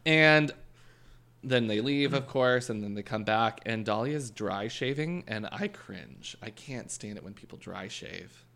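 Gravelly, bright-toned young man. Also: on the low side, animated, a little slow. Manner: rattles off plugs in a smooth announcer cadence. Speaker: podcast co-host. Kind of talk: casual chat.

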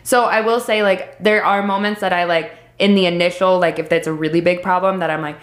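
A woman's voice: on the low side, fairly even intonation, fairly quick. A woman co-hosting a podcast, chatting casually and animatedly, acting out panicked voices as she tells stories. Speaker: podcast co-host. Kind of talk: casual chat. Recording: roomy echo.

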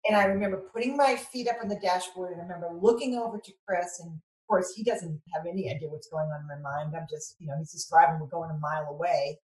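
A middle-aged woman, a mother, telling a personal story in conversation, earnest and halting, often restarting her sentences as the emotion comes through. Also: lowish voice, a little mellow. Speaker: mother of son in addiction recovery, guest. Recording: roomy echo.

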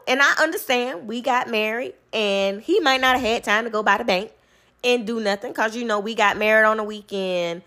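A woman speaking in a casual storytelling monologue, emphatic and animated, and she repeats her points for stress. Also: on the high side, normal speed. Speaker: vlogger; caregiver in medical field.

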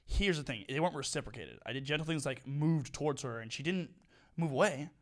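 Animated joking man on a podcast. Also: fairly high pitch, brisk. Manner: animated, jokey, slips into funny voices. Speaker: podcast co-host. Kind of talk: casual chat.

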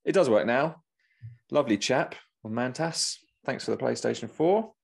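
A man's voice: mid-range voice, lively intonation, normal speed, gravelly, breathy edge. A man in casual chat, telling a story animatedly and acting out the voices of the people in it.

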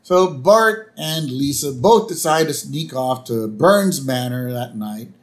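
A man's voice: mid-range voice, lively intonation, slow pace. A man co-hosting a podcast, laid-back and chatty, agreeing with lots of "yep" as he recaps an episode. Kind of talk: casual chat.

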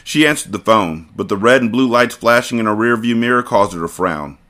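A man's voice: lowish voice, expressive, a little fast, a bit bright. A man hosting a podcast, reading a novel aloud casually and breaking off to joke and comment.

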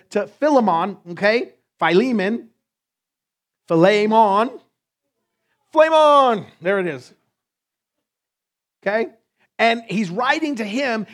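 Upbeat, joking high-voiced male pastor. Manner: playful, joking preacher with quick asides. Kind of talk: sermon.

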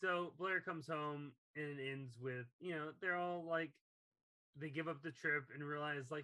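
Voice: medium pitch, unhurried, pushed and bright, low-quality recording. A co-host in a casual chat, adding dry, wry comments about a movie. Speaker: podcast co-host.

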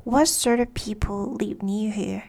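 A woman's voice: mid-range voice, a little slow, gravelly, a little mellow. A woman voicing a polite, curious young girl who keeps asking questions.

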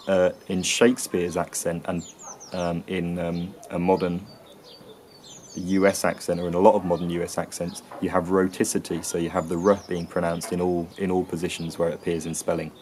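English male presenter, low and even voice, hesitant explanatory delivery. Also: a little hiss or hum. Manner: hesitant, frequent ums and restarts. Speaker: accent and linguistics presenter. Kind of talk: explanatory lesson.

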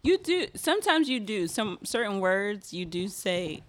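A woman's voice: mid-range voice, big pitch swings, unhurried, very noisy. Giggly teasing woman podcast host. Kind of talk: casual chat.

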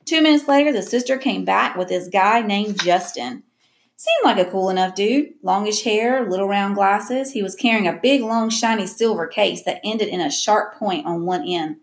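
A woman's voice: mid-range voice, moderate pace, gravelly. A woman reading a novel aloud in a casual way, with small slips and rereads. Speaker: reader.

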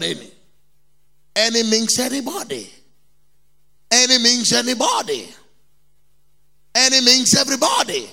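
Middle-aged Nigerian man, pastor delivering an emphatic sermon, high gravelly voice. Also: bright, forceful tone, in a large hall. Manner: emphatic preaching, repeats key words, mimics people in anecdotes.

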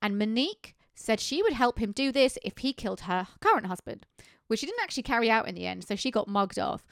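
A woman chats her way through true crime cases on a podcast. She talks briskly and conversationally, dropping in offhand remarks. The sound is dry and close, with no room around her voice. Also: a little high, very animated, gravelly, no room sound. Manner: brisk, conversational storytelling with casual asides. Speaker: podcast co-host.

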